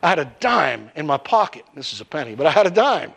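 Middle-aged male preacher, high-pitched, lively storytelling sermon. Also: fast talker, gravelly. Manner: animated storytelling with acted-out voices.

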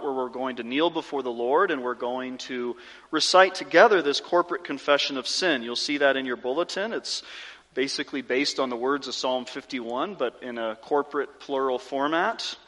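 An earnest male pastor with a somewhat high voice preaches from the front of a church, his words trailing off into a long hall reverb. He talks in a measured way and slows further when he leads a prayer. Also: a bit bright. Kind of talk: sermon and led confession prayer. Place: church sanctuary. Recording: long reverb of a large room.

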